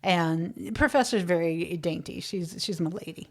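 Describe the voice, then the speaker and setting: Comedian co-host, late 30s woman, lower voice, rambling loose podcast chatter. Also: a little slow. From Florida. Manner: rambling, trails off mid-thought. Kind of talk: casual comedic chat.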